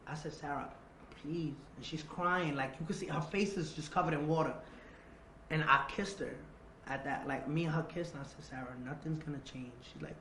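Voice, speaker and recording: A man with a slightly raised pitch tells his story in a loose, casual way. He repeats himself and acts out both sides of remembered conversations, sometimes sinking almost to a murmur. The sound is roomy, with faint background hiss. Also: steady tone, moderate pace. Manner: drops to a low, quiet voice for the tense parts. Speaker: interview guest. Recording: roomy echo.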